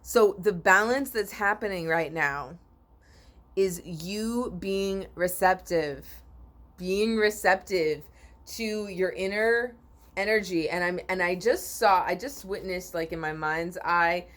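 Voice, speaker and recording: Woman, spiritual card reader, lowish voice, sleepy, yawning, rambling, throat-clearing. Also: slow pace, a bit bright. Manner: rambling, repeats and restarts, clears throat often. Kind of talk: spiritual card reading to camera.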